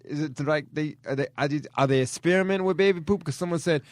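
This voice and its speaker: A man co-hosting a comedy podcast in casual chat, incredulous and quick to laugh, often cutting in with questions. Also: a little high, no echo. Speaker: podcast co-host.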